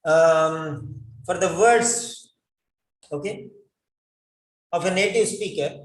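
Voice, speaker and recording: Guy teaching pronunciation, kinda high voice, says each word again and again, echoey room. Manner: slow, repeats words to model pronunciation. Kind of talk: classroom lesson on pronunciation.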